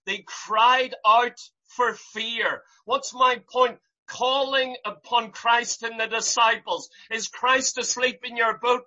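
A preacher delivering an impassioned sermon, piling up rhetorical questions and rising to loud cries. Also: medium pitch, fairly even intonation, slow pace, dull audio.

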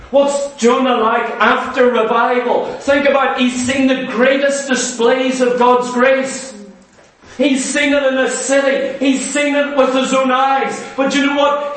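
High-voiced preacher in an echoey hall. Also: male voice, a bit bright, distant mic. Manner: impassioned, rhetorical questions, mimics hearers. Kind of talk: sermon.

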